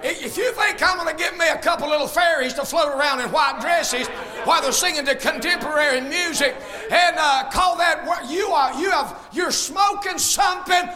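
A man preaching a fiery sermon as pastor, shouting much of it and mixing in folksy humor. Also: very high voice, normal speed, few pauses.

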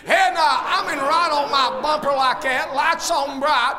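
A man preaching a fiery sermon as pastor, shouting much of it and mixing in folksy humor. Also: very high voice, measured pace, a crowd in the background.

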